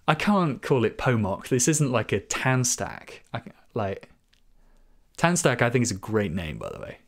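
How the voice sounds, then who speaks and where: A man live-streams a programming session amid keyboard typing, musing aloud, weighing names, trading jokes with viewers and chuckling often. His medium-pitched voice swings widely in pitch, moving slowly with frequent pauses.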